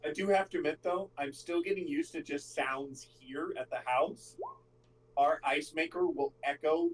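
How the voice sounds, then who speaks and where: A man's voice: fairly high pitch, moderate pace, crowd noise. A young man chatting casually before a tabletop game, laid-back, cursing freely and telling short stories about his life. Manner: laid-back, swearing, storytelling. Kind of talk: casual chat among friends. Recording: distant mic.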